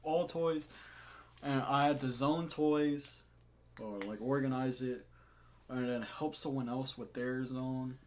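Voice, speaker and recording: A young man tells a story on a casual podcast, swearing freely and laughing as he acts out the people in it. His pitch sits at a middle level, and a faint hiss runs under the recording. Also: slow pace. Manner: profane, laughing, animated retelling. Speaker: podcast co-host. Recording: faint background noise.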